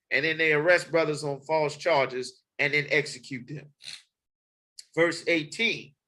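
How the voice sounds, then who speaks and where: Male preacher, bright high voice, insistent and repetitive, reads verses between points. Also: low-quality recording. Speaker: street preacher. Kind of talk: sermon with scripture reading.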